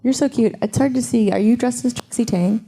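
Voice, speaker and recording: A woman's voice: on the high side, fairly quick, warm tone. A woman answering fan questions at a convention panel, chatty and playful, telling stories. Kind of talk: casual panel Q&A.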